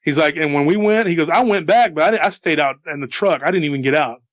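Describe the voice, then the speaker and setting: A man's voice: on the high side, fast talker, no echo. A man casually retelling a friend's eerie encounter, rambling and repeating himself as he goes. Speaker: storyteller. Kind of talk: casual retelling of an eyewitness story. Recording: dull lo-fi dry recording.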